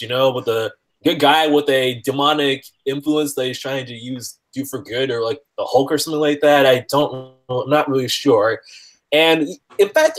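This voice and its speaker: A man co-hosting a casual podcast chat, thoughtful and searching for his words. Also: medium pitch. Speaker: podcast co-host.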